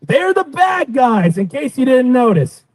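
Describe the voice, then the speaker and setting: A man speaking defiantly and forcefully at a protest, recorded from a distance outdoors. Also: very high-pitched, big pitch swings, measured pace, dry recording. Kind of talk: rally speech.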